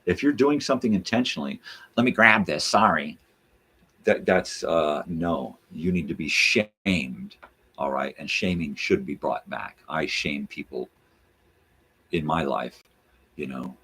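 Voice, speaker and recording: A man's voice: very deep voice, animated, measured pace, a bit bright, slightly rough. A man hosting a show, ranting in a rambling, profane casual monologue. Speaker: host.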